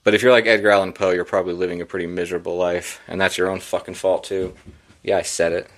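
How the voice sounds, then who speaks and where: A man's voice: deep voice, little pitch movement, fast talker. A man hosting a solo podcast, reading headlines and riffing on them in a sarcastic, profane, rambling way. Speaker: podcast host.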